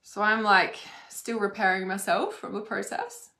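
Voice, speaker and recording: A woman's voice: mid-range voice, fairly even intonation, moderate pace, bright, forceful tone. Rambling woman telling a story, roomy sound. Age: adult. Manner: rambling, fillers like "like", frequent swearing. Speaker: spiritual vlogger. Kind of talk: casual personal storytelling. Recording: roomy echo.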